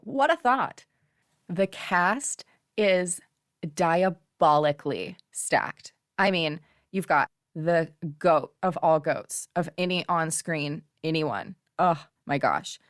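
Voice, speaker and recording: A woman vlogging about upcoming movies in a casual, gushing and animated way, with sarcastic asides. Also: lowish voice, takes it slowly, no echo, studio quality. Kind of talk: casual chat.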